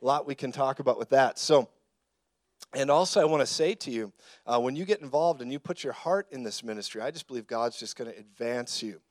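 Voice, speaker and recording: A man preaching a sermon in a conversational, storytelling way, now and then rising to shouted emphasis. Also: mid-range voice, a little fast, no echo, clean studio sound.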